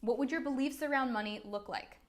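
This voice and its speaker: A woman's voice: sits high, a little fast. A young woman, a business coach, giving an upbeat, chatty talk full of "like"s. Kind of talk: live-streamed coaching talk.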